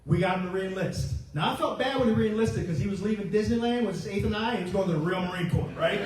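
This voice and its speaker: A man's voice: a little high, dark tone. A man in his forties, a retiring Marine master gunnery sergeant, gives a humorous ceremony speech and acts out his own past remarks. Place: hotel ballroom. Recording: echoey ballroom from far off.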